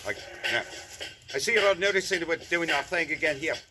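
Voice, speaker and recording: At an outdoor market bar, a man records a joking travel vlog, rambling and poking fun at himself. A loud live band plays over his fairly high, expressive, brisk voice, leaving heavy background noise.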